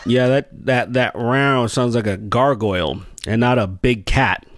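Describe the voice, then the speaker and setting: A man's voice: medium pitch, a little slow, a little hiss or hum. A man hosting a reaction video, making wry, unimpressed remarks in casual commentary.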